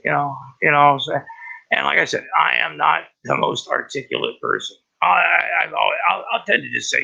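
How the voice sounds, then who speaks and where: Gravelly man with a tense, sharp edge; halting, profane rambling, lo-fi recording. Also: on the high side. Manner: halting, profane, many restarts. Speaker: vlogger. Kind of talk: rambling personal monologue. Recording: dull lo-fi recording.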